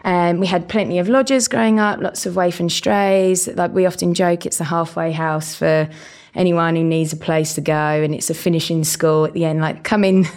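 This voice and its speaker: A woman's voice: lowish voice, steady tone, normal speed, a little mellow. Bubbly woman with Estuary English accent. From England, near Dartford on the Kent-London border. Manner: bubbly and chatty, laughs often. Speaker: podcast guest. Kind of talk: casual interview chat.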